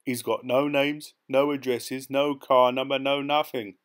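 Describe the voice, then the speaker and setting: A man's voice: mid-range voice, steady tone, a little slow, pitched above the performer's own voice, natural voice. A man voicing a sly, boastful male pickpocket, talking in a cocky, streetwise way. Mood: triumphant.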